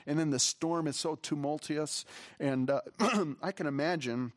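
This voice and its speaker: A man's voice: on the high side, measured pace, no room sound. A man preaching a conversational sermon as pastor, earnest and rambling, with many restarts and fillers. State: emotional, voice catching. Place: church hall.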